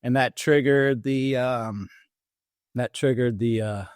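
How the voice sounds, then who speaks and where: A middle-aged man, an Army veteran, telling his own story as a podcast guest, in a halting way with many fillers and restarts. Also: medium pitch, steady tone, smooth, no room sound, studio quality. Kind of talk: personal story told in an interview. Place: podcast studio.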